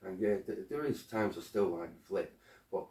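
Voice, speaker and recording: Guy telling stories on a podcast, low dark voice, sounds far off in a roomy space. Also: moderate pace. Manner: animated storytelling, acting out quoted arguments, swears. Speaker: guest. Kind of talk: casual podcast conversation.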